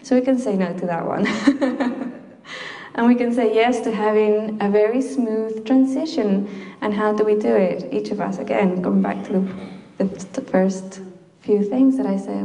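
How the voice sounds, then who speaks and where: A woman's voice: mid-range voice, steady tone, measured pace, gravelly, warm tone. A woman from Chile giving an informal talk to a group in a library meeting room, chatty, with frequent laughs and fillers. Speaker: speaker addressing a group. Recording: echoey room.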